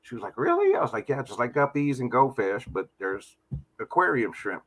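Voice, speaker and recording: A man's voice: medium pitch, brisk. A man hosting a casual livestream about selling shrimp, telling stories and laughing often. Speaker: livestream host, shrimp seller.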